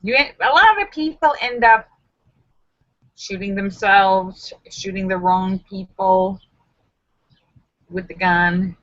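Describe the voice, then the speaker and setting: A woman's voice: medium pitch, slow pace, long pauses, a bit bright, highs cut off. A woman hosting a casual live stream, chatting with viewers in a sassy, joking, self-mocking way.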